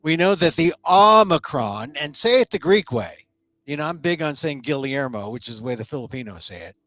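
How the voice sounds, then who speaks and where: A man's voice: on the high side, big pitch swings, brisk, fairly bright tone, no room sound. A man hosting a live-streamed talk show in a casual, rambling monologue, full of joking asides.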